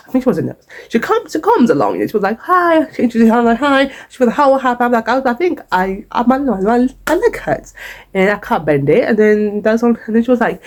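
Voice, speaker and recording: A young woman vlogger with a fairly low, slightly mellow voice tells a casual storytime. She's chatty, repeats herself, swears often, and sings a short hymn along the way.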